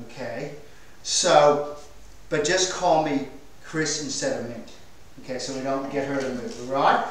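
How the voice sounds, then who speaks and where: Energetic male dog trainer, echoey. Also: mid-range voice, unhurried, long pauses. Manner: coaching, energetic and direct. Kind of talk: hands-on training demonstration. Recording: echoey room, mic far off.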